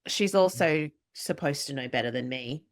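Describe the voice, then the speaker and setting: A woman's voice: deep voice, moderate pace, dry recording, clean studio sound. A woman with an Australian accent hosting a podcast, talking casually and poking fun at herself, now and then swearing offhandedly. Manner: chatty and self-mocking, swears casually. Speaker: podcast host.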